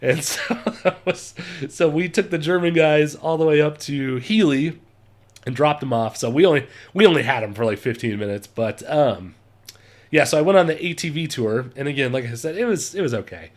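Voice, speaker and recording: A man's voice: fairly high pitch, expressive, normal speed. Chatty man telling a travel story. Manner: chatty, laughs often, acts out quotes. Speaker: travel vlogger. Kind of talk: casual storytelling.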